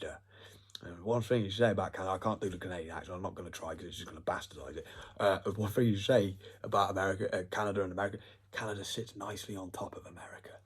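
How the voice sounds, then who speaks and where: A man talks in a long, meandering, profane monologue. His voice is low and husky, and his thoughts drift loosely from one point to the next. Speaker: vlogger. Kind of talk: rambling monologue.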